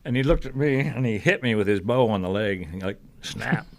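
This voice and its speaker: A man's voice: lowish voice, fairly quick. An older man from New Brunswick, a guest singer-songwriter telling stories in a talk-show chat. He acts out other people's voices and chuckles often. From Fredericton, New Brunswick, Canada. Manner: lively storyteller who acts out quoted voices and chuckles often. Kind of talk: casual storytelling in a TV interview.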